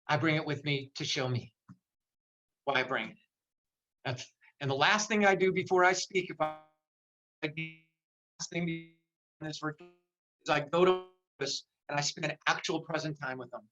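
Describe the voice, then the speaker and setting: An older man delivers an impassioned motivational talk in a virtual seminar, repeating phrases for emphasis. His voice is fairly high and fairly bright. It comes through a video call with lo-fi sound.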